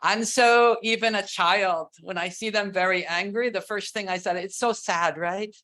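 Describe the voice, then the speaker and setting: A woman giving a keynote talk on religious education, earnest and deliberate, stretching words for emphasis. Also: mid-range voice, steady tone, a bit bright. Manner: earnest, slow, with drawn-out emphasis; sings and acts out cries while teaching. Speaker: keynote speaker.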